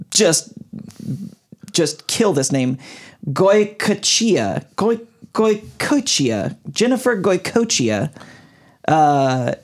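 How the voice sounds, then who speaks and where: A man hosts a casual podcast and walks his friends through a long explanation. His pitch swings widely and he keeps an easy, chatty pace. He trips over unfamiliar names now and then. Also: darkish tone. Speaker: podcast host.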